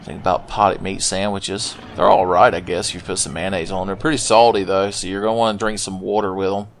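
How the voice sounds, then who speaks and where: A man's voice: sits low, fairly even intonation, fairly quick, a little hiss or hum. A man giving crude, joking let's-play commentary while gaming, slipping into silly voices for game characters. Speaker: gameplay commentator.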